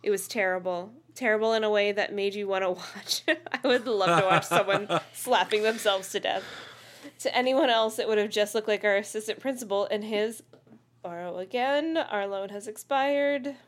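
A woman's voice: mid-range voice, moderate pace. Woman reading aloud, giggling. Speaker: podcast co-host reading aloud. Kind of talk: casual read-aloud.

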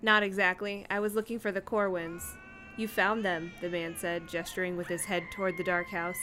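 A woman's voice: fairly low pitch, little pitch movement, normal speed, sharp tone, a little hiss or hum. A woman co-hosting a casual book podcast, speaking bluntly and reading passages aloud. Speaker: podcast co-host.

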